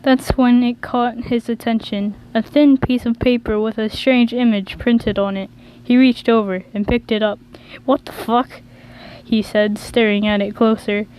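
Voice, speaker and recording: A woman's voice: on the high side, fairly even intonation, normal speed, darkish tone, clear, resonant tone, low-quality recording. A woman reading a fan story aloud, often stumbling and correcting herself. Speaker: reader.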